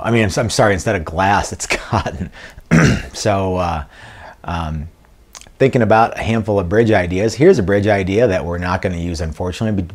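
Low-voiced man, rambling workshop vlog. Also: darkish tone. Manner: rambling and joking, trails off into low mumbled fillers, corrects himself. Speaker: guitar builder and channel host.

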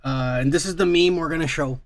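A man's voice: a little high, fairly quick. A man hosting a podcast, talking in a crude, rambling, profane way and laughing often. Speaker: podcast host. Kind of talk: crude casual chat.

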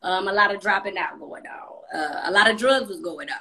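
Bright-voiced woman telling a blunt story. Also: medium pitch, a little fast. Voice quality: blunt, profane, chatty. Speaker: live streamer. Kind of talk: casual storytelling on a livestream. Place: apartment room at home.

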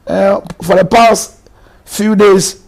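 A man's voice: high-pitched, steady tone, slow, gravelly. A man with a Ghanaian accent, a bishop and marriage counselor, giving earnest, emphatic pastoral counsel on a live stream and moving between Twi and English.

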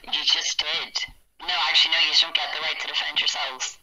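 A man's voice: a little high, flat delivery, brisk, over a noisy crowd, poor audio. A man playing an impatient, curt judge in a game roleplay court.

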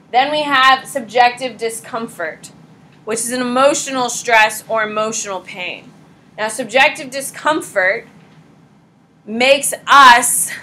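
A pregnant woman teaching a high school psychology class in a casual, blunt lecture style, talking straight to her students. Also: sharp tone, slight background noise, poor audio.

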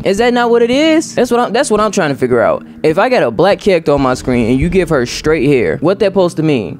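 A man's voice: on the high side, darkish tone. A man giving casual, profane let's-play commentary, talking straight to his viewers. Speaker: gaming video host. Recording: game music behind.

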